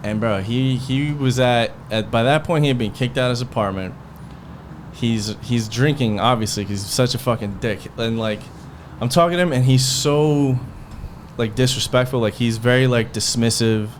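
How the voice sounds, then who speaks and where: Over a faint hiss or hum, a podcast host with a mid-range voice speaks at a moderate pace. His casual story is heated and personal, told with plenty of cursing, tangents, and quoted back-and-forth.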